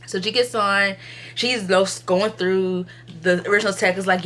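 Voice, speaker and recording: A young woman vlogging to camera, retelling an ultrasound visit casually, acting out what others said, sometimes subdued and low in energy. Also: moderate pace. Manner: animated retelling, acts out others' quotes, filler-heavy.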